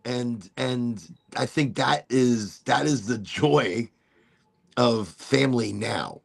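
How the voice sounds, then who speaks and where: A man's voice: mid-range voice, takes it slowly, gravelly, husky. A middle-aged man hosting a casual podcast, telling rambling stories full of restarts and repeated words. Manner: rambling, storytelling with many restarts. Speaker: podcast host. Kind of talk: casual chat.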